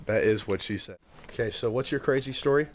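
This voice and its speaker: A man's voice: mid-range voice, brisk, a little hiss or hum. A man joking crudely and teasing a friend while recording her. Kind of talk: teasing banter.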